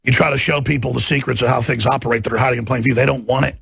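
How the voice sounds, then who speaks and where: Gravelly man ranting on air. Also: steady tone, rapid-fire, no echo. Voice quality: gravelly, husky. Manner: shouting, intense, swings from low muttering to roaring. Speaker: talk show host. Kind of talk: impassioned broadcast rant.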